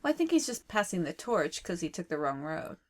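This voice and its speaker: Woman w/ a lowish voice gushing casually about a movie on a podcast. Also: brisk. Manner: enthusiastic, animated. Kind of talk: casual movie review chat.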